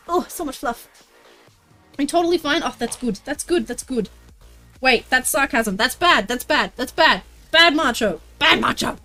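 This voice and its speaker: Bubbly high-voiced woman streaming. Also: animated, unhurried, pauses often, pushed and bright, faint music behind. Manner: bubbly and playful, chats to viewers, sings and laughs a lot. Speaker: livestreamer. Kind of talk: casual live-stream chat while crafting.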